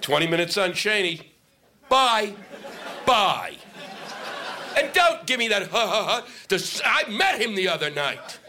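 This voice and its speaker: A man's voice: high-pitched, big pitch swings, unhurried, pauses often, bright, forceful tone. A male stand-up comic doing a profane, ranting set on stage into a microphone. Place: comedy stage with audience laughing.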